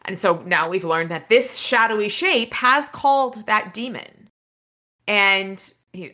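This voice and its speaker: A woman's voice: mid-range voice, slow pace, bright, forceful tone. A woman podcast host casually retelling a novel's chapters, rambling with fillers and restarts. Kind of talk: casual book recap.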